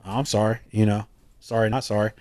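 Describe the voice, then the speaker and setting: A man's voice: fairly low pitch, level tone, brisk, darkish tone, no room sound. A man, a podcast guest talking casually, laid-back and rambling, swearing freely with many restarts. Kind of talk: casual chat.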